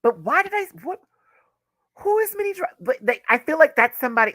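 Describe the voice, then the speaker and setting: A man's voice: very high-pitched, very animated, a little fast, bright, forceful tone, no room sound. A man giving a live, gossipy reaction review of a drag reality show, talking casually with sassy asides and frequent laughter.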